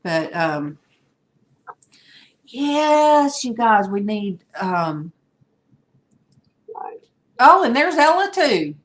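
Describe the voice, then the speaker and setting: A woman's voice: on the high side, sing-song, extremely slow, pauses often. An older woman hosting a casual livestream chat over a video call, rambling and greeting viewers by name. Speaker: livestream host.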